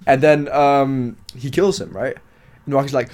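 A man's voice: medium pitch, normal speed, darkish tone. A man co-hosting a podcast in casual chat, teasing and joking with his partner. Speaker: podcast co-host.

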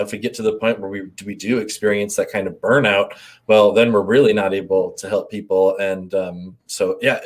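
Low-voiced man, thoughtful and hesitant. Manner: hesitant, many fillers and restarts, thoughtful. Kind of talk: casual chat.

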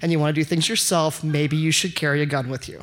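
A man telling an unscripted story at a live event, animated and self-mocking, often breaking into laughs. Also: on the high side, fast. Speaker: audience member telling a story. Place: live event before an audience.

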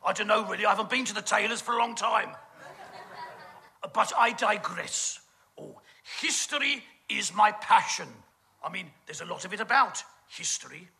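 High-pitched and gravelly with a sharp edge, this British comic performer moves at a moderate pace. He's doing a camp, gossip-laden stage monologue full of innuendo.

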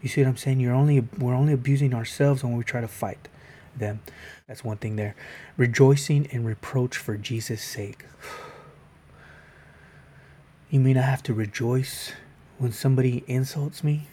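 A man's voice: medium pitch, steady tone, moderate pace, long pauses, mellow, a little hiss or hum. A man giving a casual Bible devotional video, reading scripture aloud and then explaining it in a conversational way.

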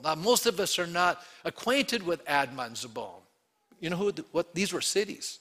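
Bright-voiced preaching man. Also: on the high side, lively intonation, normal speed. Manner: earnest, emphatic preaching with rhetorical questions. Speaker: pastor. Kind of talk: sermon.

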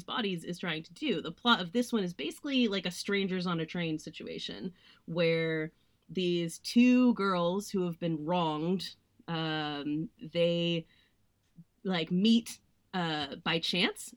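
A young woman with a fairly bright, lowish voice co-hosts a podcast and chats casually about films. She fills her speech with "like" and slips into sarcastic, mocking voices.

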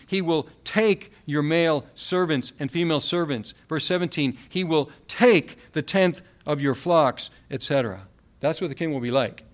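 A man preaching a sermon, reading Bible verses aloud and repeating key phrases for emphasis. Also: on the high side.

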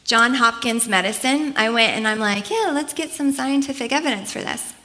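Woman preacher, bright and a bit high, earnest, conversational sermon delivery. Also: normal speed.

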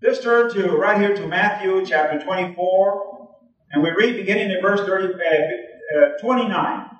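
A man's voice: high-pitched, moderate pace, highs cut off. A man preaching a sermon as pastor, emphatic, reading scripture aloud to his congregation. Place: church. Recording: echoey, distant 1980s church recording.

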